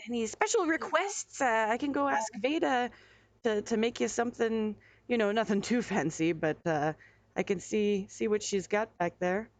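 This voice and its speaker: A woman's voice: medium pitch, dry recording, pitched above the performer's own voice, lightly acted. A woman voicing a proud, fussing innkeeper woman in a tabletop game.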